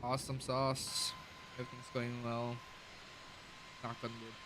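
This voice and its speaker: A man's voice: medium pitch, flat delivery, a little slow, background noise. A man casually talking through a simulated airliner flight, calling out checklist items and thinking aloud with many fillers. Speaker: flight sim streamer. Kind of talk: casual flight sim commentary.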